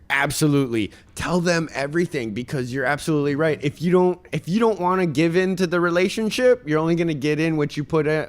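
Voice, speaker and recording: A man who is a guest on a casual podcast, giving motivational parenting advice and telling family stories in an earnest, direct way. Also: fairly high pitch. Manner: tells stories and acts out other people's voices.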